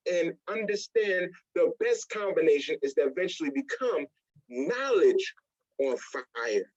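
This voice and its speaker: A man's voice: high-pitched, unhurried, creaky, lo-fi sound. A man leading a motivational business training, acting out little scenes in different voices as he goes. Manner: animated, acts out little scenes in other voices. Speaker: network marketing trainer.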